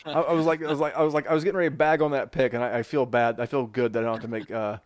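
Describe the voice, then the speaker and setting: A man hosting a casual podcast mock draft, teasing the other analysts in quick banter. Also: medium pitch, flat delivery, no room sound, clean studio sound. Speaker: host running a mock draft.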